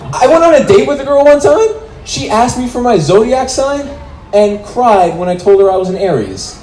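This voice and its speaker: A man in his twenties with a very high-pitched voice performs stand-up on a club stage at a moderate pace. He's animated, acting out the voices in his stories' quotes. The roomy club has faint noise.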